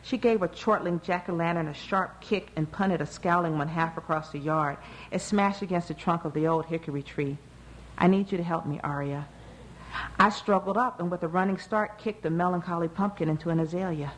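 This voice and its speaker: Low-voiced woman reading a novel. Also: a little fast, a little hiss or hum, poor audio. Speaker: narrator. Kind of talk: audiobook narration.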